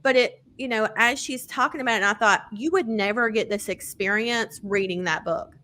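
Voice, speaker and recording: Bright, chatty woman podcast host. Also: fairly high pitch, moderate pace. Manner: chatty, many fillers, casual swearing; animated, excited storytelling. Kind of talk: casual book-review chat.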